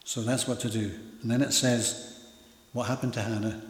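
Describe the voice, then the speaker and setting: A man's voice: medium pitch, fairly even intonation, normal speed. A man, preaching a sermon earnestly and with emphasis. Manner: earnest, emphatic, with rising and falling loudness. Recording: echoey hall.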